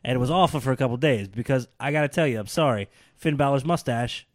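A man's voice: medium pitch, quick pace, no echo, clean studio sound. A man co-hosting a wrestling podcast in casual chat, flustered and self-deprecating. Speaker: podcast co-host.

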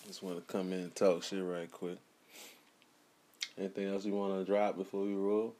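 A man's voice: low-pitched, monotone, moderate pace, dark tone. A man co-hosting a casual late-night chat, laid-back and slangy, chuckling often. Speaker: podcast co-host.

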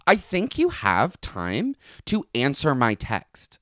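Young male podcast host, lively swooping delivery, exasperated and sarcastic, dry close mic. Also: mid-range voice, takes it slowly, no room sound. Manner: animated, exasperated ranting with sarcastic asides. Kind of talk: casual solo podcast rant.

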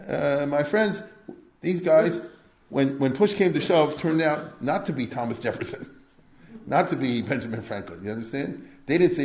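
A man's voice: a little high, expressive, moderate pace, darkish tone. An older man giving an informal history lecture, conversational and full of rhetorical questions. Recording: echoey room.

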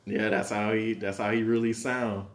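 A young man hosting a podcast, chatting in a relaxed, joking way full of slang. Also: fairly low pitch, moderate pace, slight background noise. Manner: laid-back, joking, slangy. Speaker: podcast host. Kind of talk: casual chat.

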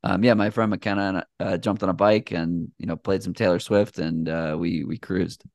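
A man's voice: sits low, steady tone, moderate pace, a little mellow, no room sound, studio quality. A man talking as a podcast guest in easygoing, rambling casual conversation with plenty of fillers. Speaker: podcast guest, shoe reviewer.

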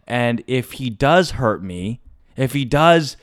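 Animated man telling a dramatic story. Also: mid-range voice, takes it slowly, clean tone, no echo, clean studio sound. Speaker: podcast host. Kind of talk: casual storytelling.

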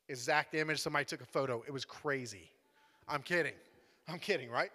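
A man's voice: medium pitch, brisk, long pauses, pushed and bright. A man giving a playful, dramatic sermon in a conversational tone, in a church hall. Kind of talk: lively sermon storytelling. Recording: echoey hall.

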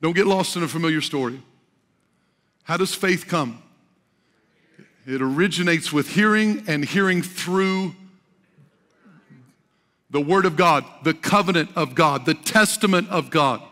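A man pastor preaching a sermon with rising fervor, often shouting at the peaks. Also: fairly high pitch, unhurried, pauses often, long reverb tail.

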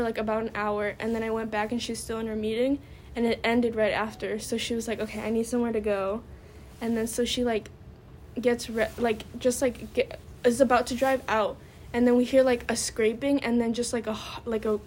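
A young woman co-hosts a casual podcast chat and rambles through her story, leaning on "like" in nearly every phrase. Her voice sits a little high. A faint hiss of noise runs under the recording. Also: a little mellow. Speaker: podcast co-host.

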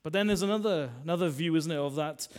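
A man, a minister preaching a sermon in a chatty style, full of tag questions and swings between loud and soft. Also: fairly high pitch, fast.

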